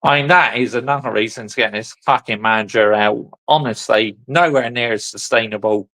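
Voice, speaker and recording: A man's voice: mid-range voice, a little fast, sharp tone, low-quality recording. A man hosting a football channel, chatting casually in short asides as he reacts to a fan's video. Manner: laid-back, chatty, answering the clip in short asides.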